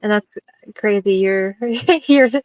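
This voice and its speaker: Woman guest, mid-pitch, earnest and reflective, on dry, slightly muffled audio. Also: takes it slowly, no echo. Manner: earnest and reflective, quoting herself. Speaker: podcast guest. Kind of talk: casual interview chat.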